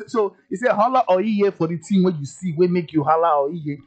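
A radio host with a Nigerian accent chats and jokes casually in Pidgin English, often checking with "you understand?" His voice is high and quick, with hardly any pauses, and faint music plays in the background.

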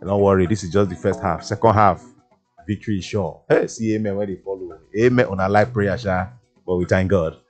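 A man's voice: deep voice, fairly even intonation, fairly quick, darkish tone, faint music behind. A man with a Nigerian Pidgin English accent, hosting a casual radio show in a studio, chatty and playful, with many fillers. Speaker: radio DJ host. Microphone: studio mic.

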